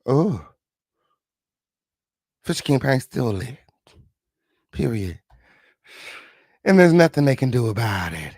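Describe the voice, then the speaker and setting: A man hosting a casual livestream, greeting viewers with flamboyant, sing-song shout-outs and sassy, profane chatter. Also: medium pitch, sing-song, slow, long pauses, slightly rough, no echo, studio quality. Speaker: livestream host.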